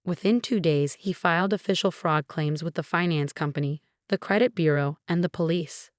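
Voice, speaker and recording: A woman narrating a story in a measured, even way. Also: sits low, no room sound, clean studio sound.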